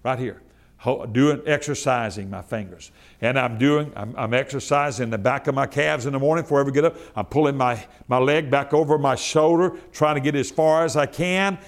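A man preaching a sermon to a church, folksy and repetitive, building from calm teaching to loud, fervent preaching. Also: mid-range voice, a little fast. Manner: folksy, repeats phrases for emphasis. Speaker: pastor.

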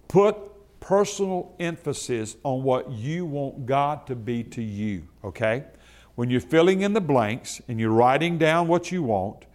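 A man preaching a sermon to a church, folksy and repetitive, building from calm teaching to loud, fervent preaching. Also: medium pitch. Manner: folksy, repeats phrases for emphasis. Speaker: pastor.

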